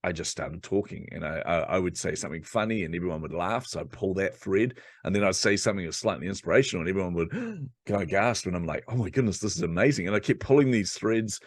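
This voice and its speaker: A man with a low, deep voice, a podcast guest from New Zealand telling a story from his childhood. He talks in a lively, conversational way and acts out the voices of the people he quotes. The sound is dry and close to the mic. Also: fast talker, no room sound.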